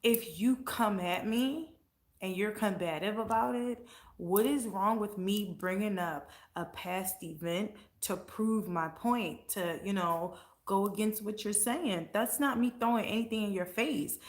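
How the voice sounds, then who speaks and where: A woman's voice: mid-range voice, measured pace, reverberant. A woman vlogger chatting casually and answering comments, blunt and profane, getting heated as she talks.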